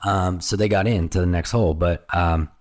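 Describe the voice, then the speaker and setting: A man with a somewhat low voice tells stories in casual conversation. He is animated, jumps into other people's voices and swears freely. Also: normal speed. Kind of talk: casual storytelling chat.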